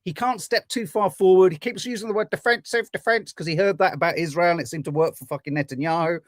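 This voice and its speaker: A man's voice: sits high, quick pace, no echo, studio quality. A man hosting a podcast, ranting through political commentary with plenty of swearing. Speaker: podcast host.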